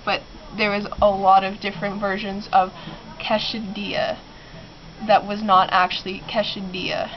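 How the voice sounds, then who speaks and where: A teenage girl who is sick, rambling and giggling through a casual vlog from her bedroom, with many ums. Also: mid-range voice. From Canada. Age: teens. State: sick, clearing her throat. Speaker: vlogger. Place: bedroom in a basement. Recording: muffled lo-fi with clear background noise.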